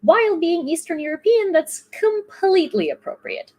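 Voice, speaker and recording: A woman's voice: very high voice, big pitch swings, normal speed, dark tone. Chatty woman news vlogger. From Ukraine. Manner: chatty, rambling, many fillers and restarts. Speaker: YouTube news host. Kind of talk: casual news commentary.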